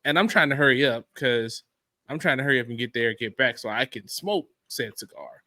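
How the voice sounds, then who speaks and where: A man's voice: medium pitch, fairly quick, pushed and bright, no echo. A man co-hosting a podcast in casual chat, telling stories in a laid-back way and murmuring agreement often. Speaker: podcast co-host.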